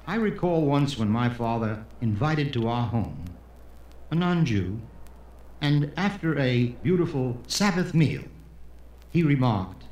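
Animated man telling jokes. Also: medium pitch. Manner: animated storyteller, quick to voice characters. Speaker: comedian. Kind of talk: stand-up joke telling. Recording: echoey room, faint background noise.

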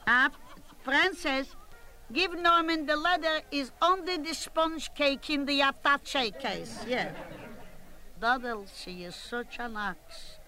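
A woman's voice: high voice, takes it slowly, pushed and bright, some chatter behind, heavily acted, low-quality recording. A woman doing a bossy old gossip. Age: 80s. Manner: chattering, scolding, rambling gossip. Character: gossipy bossy elderly woman at a family gathering. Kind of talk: comic character monologue.

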